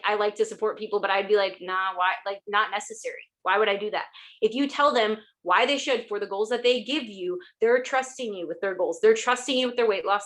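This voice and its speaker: Young woman, upbeat sales motivator, rapid and chatty, mid-range voice. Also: mid-range voice. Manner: energetic, fast-talking, many "like"s and "oh my gosh". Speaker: network marketing distributor. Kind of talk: motivational storytelling to her team.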